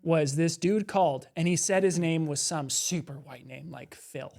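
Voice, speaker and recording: Guy with a high voice on a podcast, just chatting and telling stories. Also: normal speed, creaky, a little mellow. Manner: chatty storyteller, mocks callers with put-on lines. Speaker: podcast co-host. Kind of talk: casual podcast chat.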